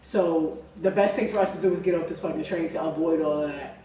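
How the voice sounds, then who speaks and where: A young woman tells a story in casual chat, in an animated and profane way, full of fillers. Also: low-pitched, quick pace. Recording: echoey room, far from mic.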